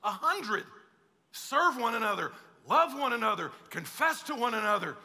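A man's voice: extremely high pitch, big pitch swings, normal speed, creaky, bright, forceful tone. A male pastor preaching a conversational sermon and acting out quoted voices. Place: church auditorium. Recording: long hall reverb.

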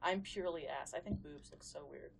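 A woman's voice: deep voice, brisk, gravelly, slight background noise. A young woman co-hosting a podcast in casual chat, blunt and crude, telling stories and acting out what others said. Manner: blunt, crude storyteller who acts out quotes. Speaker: podcast co-host.

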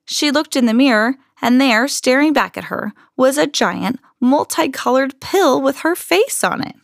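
A woman reads a children's story aloud with animated, expressive storytelling and pitch that swings lively up and down. There is a faint gravelly texture in her voice. The sound is close and dry. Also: unhurried, dry recording. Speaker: podcast host reading aloud.

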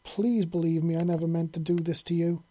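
A narrator voicing a panicked, remorseful winged woman who pleads and sobs in a raised pitch. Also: flat delivery, brisk, mellow, no echo, lightly acted. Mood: desperate apology.

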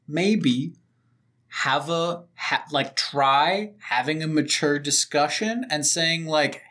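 A man co-hosting a podcast, chatting casually about a movie in an easygoing, measured way. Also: fairly high pitch, pushed and bright. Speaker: podcast co-host. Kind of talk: casual movie recap chat.

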